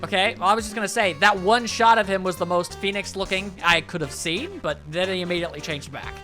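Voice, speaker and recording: A man's voice: high-pitched, fast. Let's-play host, man, joking and rambling, game music underneath. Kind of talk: casual gameplay commentary.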